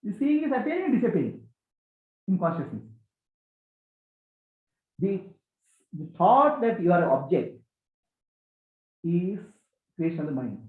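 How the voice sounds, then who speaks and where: A man giving a spiritual talk to a gathering, animated and questioning, repeating key phrases. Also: high voice, unhurried, pauses often. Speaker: spiritual teacher. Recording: echoey, tinny phone-like sound.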